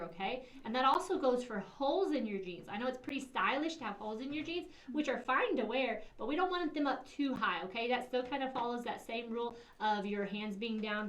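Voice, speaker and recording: A woman's voice: a little high, a bit bright. A middle-aged woman giving morning announcements to schoolchildren in a sing-song, teacherly way. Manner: sing-song teacherly, acts out kids' lines. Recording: echoey room, far from mic, faint hiss.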